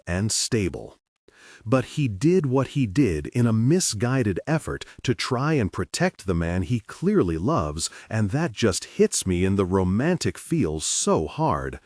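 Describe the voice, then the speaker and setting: A man narrating a romance audiobook in first person, playful and expressive. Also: fairly low pitch, no echo, clean studio sound.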